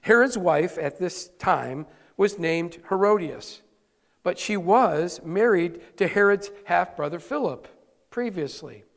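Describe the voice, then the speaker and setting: Guy preaching a sermon, fairly high voice, kinda gravelly, big echoey church hall. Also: animated, slow. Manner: conversational preaching with emphatic repetition. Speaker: pastor. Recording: reverberant hall.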